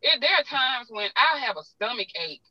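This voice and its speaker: Her voice sits a little high, with lively intonation and a moderate pace, in a muffled recording with no echo. She's a Southern-accented guest, a self-professed talker, sharing heartfelt personal stories.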